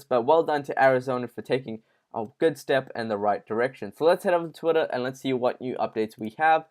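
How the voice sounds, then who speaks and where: A man's voice: medium pitch, darkish tone. A man hosting a casual online news show, talking informally to his viewers with frequent fillers. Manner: informal, addresses viewers as guys, many fillers. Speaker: crypto news host.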